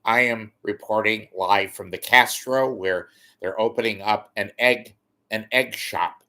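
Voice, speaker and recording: A man's voice: lowish voice, a bit bright. A man impersonating a chirpy male field reporter with repetitive, upbeat on-air patter.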